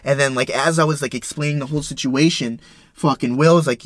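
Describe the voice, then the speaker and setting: A young man vlogging, retelling a story in an excitable, profane way with lots of stumbles and restarts. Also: medium pitch, brisk, no room sound. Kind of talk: casual storytelling.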